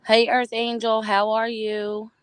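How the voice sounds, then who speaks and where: A woman hosting a casual livestream, talking in an unhurried, drawn-out way. Her manner is blunt and gossipy, and she greets chatters by name. The sound is dry and close, with no room echo. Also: on the high side, completely flat delivery, smooth. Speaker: livestream host.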